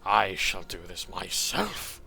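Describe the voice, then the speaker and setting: Man voicing a menacing priest villain, slow and deliberate, low voice. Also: very animated, gravelly, pushed and bright, heavily acted. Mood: cold menace. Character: cold, cruel middle-aged male priest villain.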